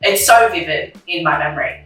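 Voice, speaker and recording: A woman's voice: low-pitched, brisk, a bit bright, distant mic. Young woman recounting loss, echoey. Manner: candid, emotional, retells her own past dialogue, many likes and ums. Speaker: interview guest. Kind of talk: personal conversation about grief. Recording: echoey room, voice off-mic, faint music.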